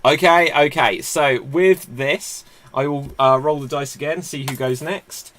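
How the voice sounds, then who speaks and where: A man's voice: a little high, a bit bright, a little hiss or hum. A man hosting a live-streamed comedy game show in a chatty, upbeat way. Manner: chatty and upbeat, with quick asides.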